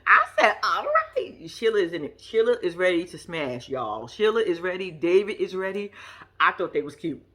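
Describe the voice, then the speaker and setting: A woman's voice: fairly low pitch, animated, a little fast. A woman casually recapping a reality show, chatty, blunt and profane, laughing often.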